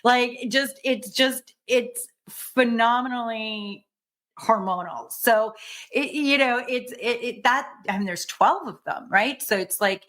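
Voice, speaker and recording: A higher-voiced woman telling animated stories. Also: slow. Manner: lively, animated storytelling with laughs and restarts. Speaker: executive coach, podcast guest. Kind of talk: casual conversational interview.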